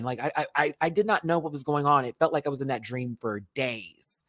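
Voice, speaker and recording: A man's voice: mid-range voice, quick pace, few pauses, fairly bright tone, dry recording. Emotional young man on a dry mic. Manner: heartfelt, rambling, repeats and restarts words. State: emotional, near tears. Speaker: YouTuber host. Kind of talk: emotional livestream talk to viewers.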